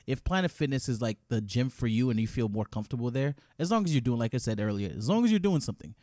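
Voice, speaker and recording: A man in casual chat as a co-host, animated and often acting out gym banter. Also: medium pitch, fast talker, dry recording, studio quality. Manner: animated, acts out gym banter in quoted lines.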